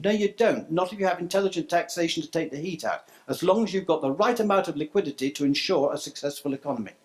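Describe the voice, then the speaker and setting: Brief: middle-aged man, conference speaker, fairly high voice, reads his points then riffs off script. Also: quick pace. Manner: reads a list of proposals, then ad-libs with stumbles and asides. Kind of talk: prepared speech to a live audience. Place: conference room.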